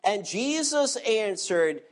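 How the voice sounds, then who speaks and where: A man's voice: sits high, very animated, slow pace. A man preaching an expository sermon as a pastor, asking the congregation rhetorical questions and directing them to turn to verses.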